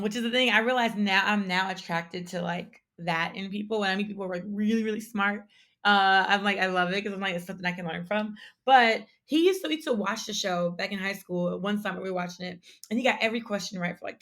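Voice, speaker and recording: A woman's voice: mid-range voice, brisk, pushed and bright. A young adult woman, a company founder, telling her story in a casual and candid way as an interview guest, with lots of fillers. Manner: candid, chatty, frequent fillers.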